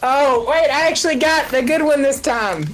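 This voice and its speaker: A woman's voice: high-pitched, moderate pace, faint music behind, low-quality recording. A woman playing a tabletop game, giggly and rambling in casual chat. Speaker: player.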